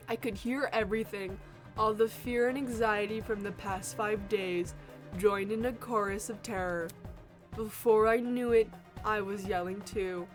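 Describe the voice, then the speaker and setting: A woman playing a murder-mystery game, reading narration aloud and breaking into shrieking emotional reactions. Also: medium pitch. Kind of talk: let's play commentary with read-aloud narration.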